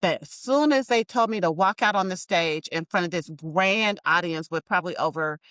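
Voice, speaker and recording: Lively woman telling her story. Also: lowish voice, normal speed, no room sound. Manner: animated, emphatic, addresses listeners as y'all. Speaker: entrepreneur guest. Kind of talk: casual interview storytelling.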